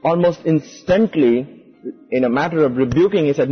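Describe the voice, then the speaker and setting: A man with a husky voice recalls a personal experience, speaking reflectively and hesitantly. The sound carries a long reverb and is slightly muffled, with faint music in the background. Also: fairly high pitch. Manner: reflective, halting, re-enacts quoted speech. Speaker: guest. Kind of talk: personal recollection.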